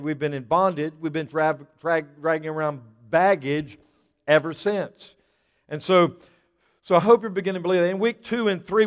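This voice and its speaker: A man preaching a sermon as pastor in a church, talking in a conversational way and often repeating words as he goes. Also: fairly high pitch. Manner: conversational, repeats words while telling a story. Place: church sanctuary. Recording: long hall reverb.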